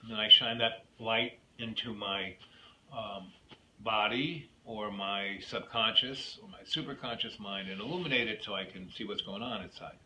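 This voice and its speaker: A man's voice: fairly low pitch, normal speed, bright, forceful tone. A man hosting his own video, telling a rambling personal story that drifts off into opinions. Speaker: YouTube host. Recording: echoey room with faint noise.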